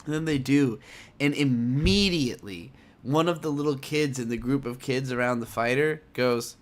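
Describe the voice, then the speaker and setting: A man hosting a casual anime podcast, excitedly retelling an episode and swearing freely. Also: medium pitch, normal speed. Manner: excitable, swears a lot, animated storytelling. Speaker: podcast host. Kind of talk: casual chat, recapping anime.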